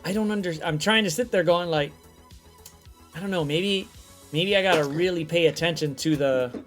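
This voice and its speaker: A man hosting a casual stream chat, loud and animated, swearing often as he tells stories. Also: fairly high pitch, normal speed, soft background music. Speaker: stream host.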